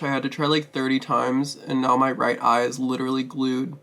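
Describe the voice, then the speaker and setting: A man's voice: medium pitch, level tone, a little fast, hardly any pauses, bright, forceful tone. A man hosting his own beauty vlog, chatting casually and expressively while doing his makeup, swearing freely and laughing often. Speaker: beauty vlogger host.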